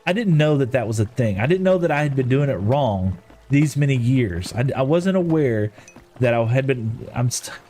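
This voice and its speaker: A man's voice: medium pitch, lively intonation, normal speed, darkish tone. A middle-aged man chatting casually on a game stream, telling rambling stories with chuckles. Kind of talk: casual live-stream chat while gaming.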